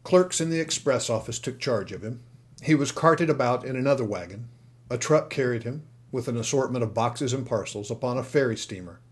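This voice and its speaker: A man reads a storybook aloud in a steady, expressive way. His voice sits in an ordinary middle pitch for a man. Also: fairly quick. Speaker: audiobook narrator. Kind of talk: scripted narration.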